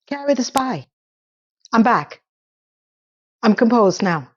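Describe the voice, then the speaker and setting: A woman hosting a casual TV episode recap, telling scenes with animated storytelling. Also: a little high, slow, pauses often, slightly rough, lo-fi sound. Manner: animated storytelling, breaks into laughter. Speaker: recap host.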